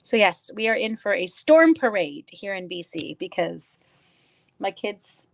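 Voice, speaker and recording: A woman's voice: medium pitch, animated, unhurried, vocal fry. Chatty woman teaching a craft class live. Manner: chatty, greets viewers by name, self-deprecating asides; rambling storyteller mid-task. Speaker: card-making instructor. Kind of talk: casual live-stream craft tutorial.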